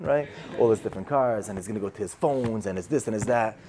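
A man speaks briskly in a dark voice on the low side, with a little hiss or hum, telling a Torah parable as an easygoing storytelling sermon. Conversational throughout, he repeats phrases and acts out the voices he quotes.

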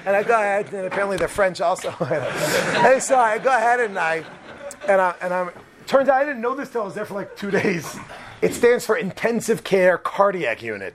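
A man telling a comic personal story in an animated way, acting out the other people in it. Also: high voice, noisy background.

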